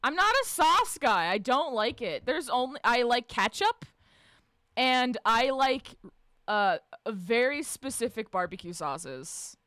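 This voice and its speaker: A woman streamer chatting casually with her live chat, swearing freely, laughing often and shouting out greetings. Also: a little high, big pitch swings, unhurried, no echo. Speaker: livestreamer reading and answering chat.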